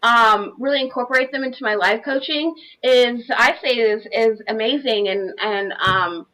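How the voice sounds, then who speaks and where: A woman's voice: fairly high pitch, normal speed, bright, forceful tone, rough recording. A woman on a live panel, a life coach, sharing her personal story earnestly and from the heart, with many "you know" fillers over a video call.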